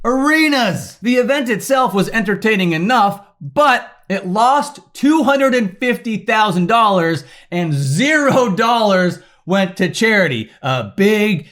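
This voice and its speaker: A man delivering a heated, sarcastic commentary rant, swearing often and breaking into shouts. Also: high-pitched. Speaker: commentary YouTuber. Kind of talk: ranting commentary.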